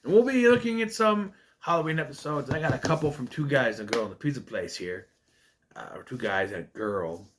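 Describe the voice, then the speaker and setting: A man's voice: mid-range voice, expressive, background noise. Rambling man recapping an old sitcom. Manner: rambling, quotes characters in quick asides. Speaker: retro TV show reviewer. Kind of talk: casual episode recap.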